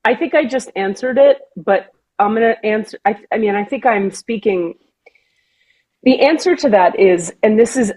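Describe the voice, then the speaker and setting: A woman with a husky, slightly breathy voice hosts a podcast in casual conversation. She speaks earnestly and animatedly, slowing down to stress key points. Her pitch sits in a middle range. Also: a little mellow, poor audio. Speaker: podcast host.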